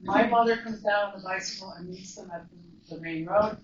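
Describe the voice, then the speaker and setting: A woman speaks to a live audience in an earnest, emphatic storytelling manner, her voice at an everyday middle pitch. She sounds far from the microphone in a large, echoing room. The recording is dull and slightly muffled. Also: fairly quick, a little hiss or hum. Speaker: guest speaker and mental health counselor. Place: large echoey event room.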